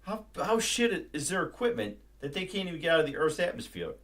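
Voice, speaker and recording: Profane ranting man, lively pitch. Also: brisk. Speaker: livestream host. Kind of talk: casual live-stream movie rant.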